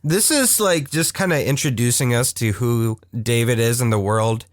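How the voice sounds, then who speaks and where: Man, podcast co-host, casual chat, laughs a lot, mid-pitched, dry close sound. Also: normal speed, no echo. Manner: chatty, laughs often, mimics voices. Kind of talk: casual chat about cartoons.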